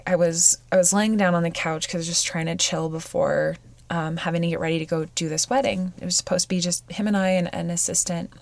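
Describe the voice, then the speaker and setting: A woman hosting a personal podcast, weepy and close to tears, speaking in halting, searching phrases with frequent sighs. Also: lowish voice, vocal fry, a little mellow, dry recording. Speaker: podcast host.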